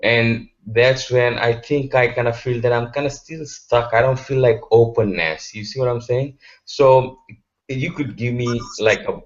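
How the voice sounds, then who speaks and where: A man's voice: mid-range voice, unhurried, lo-fi sound. A man asking his spiritual teacher a question, searching for words and restarting often. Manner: searching, hesitant, many restarts.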